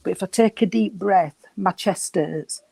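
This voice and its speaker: A man giving a reading at a service, gentle and reassuring, and short of breath. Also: high voice, unhurried, creaky, noisy background. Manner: gentle, reassuring, calls people sweetheart. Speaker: spiritualist medium.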